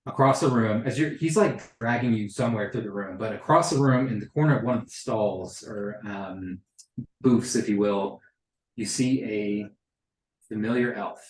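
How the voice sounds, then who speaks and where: Guy running a tabletop game, kinda low voice, laid back with lots of ums, roomy sound. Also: normal speed. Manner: relaxed, filler-heavy narration. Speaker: game master.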